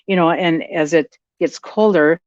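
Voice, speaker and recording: A woman's voice: low voice, unhurried, darkish tone, no echo, highs cut off. A woman from Minnesota with a Minnesotan accent, talking casually as a podcast guest, friendly and chatty with many fillers and restarts. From Minnesota, USA. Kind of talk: casual interview chat.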